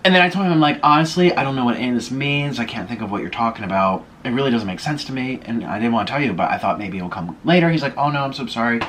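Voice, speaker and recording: A man's voice: medium pitch, animated, rapid-fire, few pauses, fairly bright tone, a little hiss or hum. Chatty young man eating on camera. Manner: chatty, rambling, with chewing and food noises between stories. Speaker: vlogger. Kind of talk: casual storytelling while eating on camera. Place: home room, sitting at a table.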